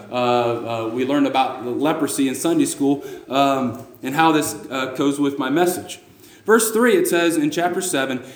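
Preacher guy reading scripture, lots of uh's and restarts, kinda high voice, echoey church. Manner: halting, many fillers and restarts, reads scripture aloud. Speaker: pastor.

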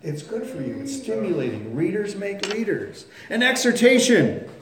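A man's voice: high-pitched, very animated, normal speed, a little mellow, a little hiss or hum. A man preaching a sermon in a folksy, storytelling way, acting out voices and sounds. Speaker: pastor. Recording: very echoey room.

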